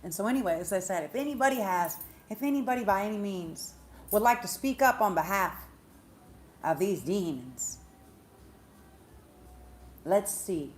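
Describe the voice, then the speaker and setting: A woman, a spiritual reader, retelling a story in a profane, animated monologue. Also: medium pitch, fairly quick, slight background noise. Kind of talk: casual monologue vlog.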